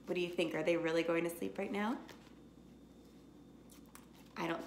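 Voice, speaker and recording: A woman teacher reading a picture book aloud to children, with lively character voices and chatty asides. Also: on the low side, normal speed, pauses often, slight background noise. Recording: echoey room.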